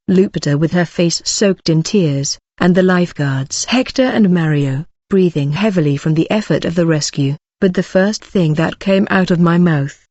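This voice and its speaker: Low-voiced woman narrating a dramatic story. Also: a little mellow, dry recording, dull audio. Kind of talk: first-person scripted narration.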